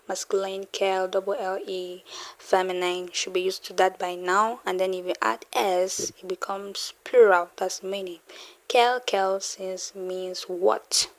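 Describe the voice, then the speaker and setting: Slow, patient woman teaching French. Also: mid-range voice, dry recording. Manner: repeats each phrase slowly, then translates it; checks in with "okay?". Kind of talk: slow spoken language lesson.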